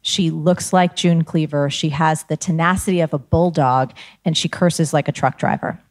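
A middle-aged woman from New Jersey telling a personal story as a guest, animated and acting out quoted lines. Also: deep voice. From New Jersey, USA. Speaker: guest speaker. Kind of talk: storytelling talk.

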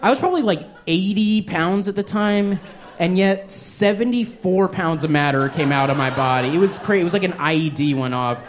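A man's voice: high voice, moderate pace. A man doing a stand-up comedy set on a club stage, telling a rambling, self-mocking story with lots of filler words, audience laughter behind him.

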